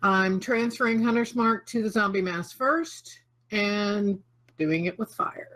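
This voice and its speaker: A woman playing a tabletop game online, chatty and apologetic, quick to laugh at herself. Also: medium pitch, fairly bright tone, low-quality recording. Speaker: player. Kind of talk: casual tabletop game play.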